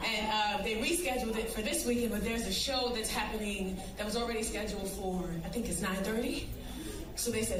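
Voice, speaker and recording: A woman in her forties doing a loud, playful stand-up set on a club stage, acting out voices. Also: medium pitch, steady tone, brisk. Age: 40s. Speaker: stand-up comedian. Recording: loud crowd, live club noise. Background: loud audience laughter.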